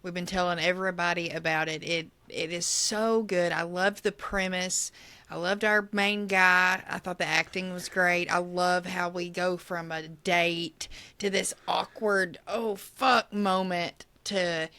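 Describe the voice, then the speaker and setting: A woman's voice: on the low side, flat delivery, unhurried, sharp tone, smooth. A woman co-hosting a podcast, enthusiastically reviewing a horror short in casual chat and swearing casually. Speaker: podcast co-host.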